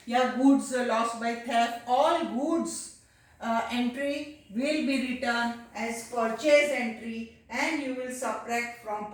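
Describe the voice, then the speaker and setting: A woman teacher with an Indian English accent walking a class through accounts step by step, often pausing with "uh" and "okay". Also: fairly high pitch. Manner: explains step by step, addresses children, frequent "uh" and "okay". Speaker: commerce teacher. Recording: echoey room, far from the mic.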